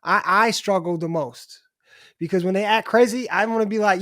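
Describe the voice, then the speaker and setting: A man's voice: high voice, quick pace, a bit bright, dry recording, studio quality. A middle-aged man talking candidly as a podcast guest, restarting his sentences and swearing casually. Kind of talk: casual conversation.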